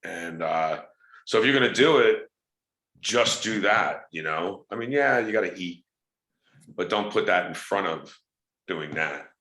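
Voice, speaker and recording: A man's voice: low-pitched, a little slow, long pauses, roomy sound. A man, a wrestler and actor, chatting casually in an interview and telling stories with acted-out quotes. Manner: animated storyteller, acts out quoted voices.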